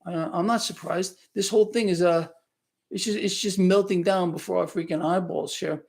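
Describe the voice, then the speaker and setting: A man's voice: high-pitched, steady tone, normal speed, creaky, a little mellow. A man hosting a live market wrap-up stream, talking in an emphatic, sarcastic, conversational way and taking viewers' questions. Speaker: market commentary host. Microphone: new microphone.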